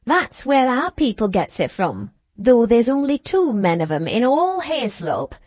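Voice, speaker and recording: A woman's voice: fairly high pitch, big pitch swings, measured pace, darkish tone, no room sound. Woman doing a wheezy, mincing old-style innkeeper. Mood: chatty. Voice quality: treble, wheezy voice with a mincing accent. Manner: deferential, chatty, says "sir" often. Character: pompous plump male village innkeeper.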